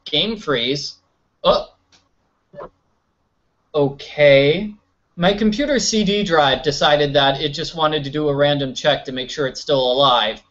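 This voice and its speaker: A man's voice: on the high side, takes it slowly, pauses often, lo-fi sound. A man giving casual, joking commentary while playing a mystery video game. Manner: joking, animated, silly voices. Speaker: let's play host.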